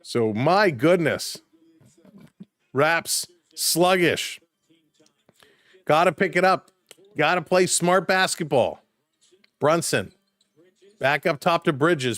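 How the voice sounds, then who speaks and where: A man doing live play-by-play commentary for a stream, calling plays quickly and chatting with viewers in between. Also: fairly high pitch, dry recording. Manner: rapid play calls, rising excitement on big plays, chatting with viewers.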